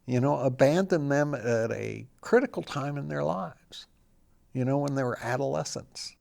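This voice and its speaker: A man's voice: mid-range voice, moderate pace, gravelly, a little mellow. An older man, a guest in an interview, telling his personal story in a plain-spoken, reflective way.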